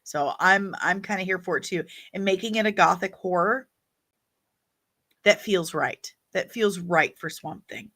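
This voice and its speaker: Slow-talking woman hosting a livestream. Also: lowish voice, fairly bright tone. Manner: opinionated and chatty, reacting to viewer comments. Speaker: livestream host reading chat. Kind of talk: casual livestream chat.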